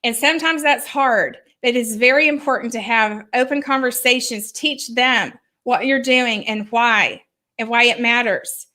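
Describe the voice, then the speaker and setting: A woman's voice: a little high, measured pace, sharp tone. A woman speaking as a parenting expert on a live stream, earnestly explaining with examples and sample scripts. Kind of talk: advice talk on a live stream. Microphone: online video call.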